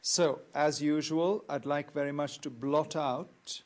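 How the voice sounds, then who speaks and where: A man teaching accounting in a recorded lecture, explaining worked examples in a measured, methodical way and repeating key points. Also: on the high side, fairly even intonation. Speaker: accounting tutor.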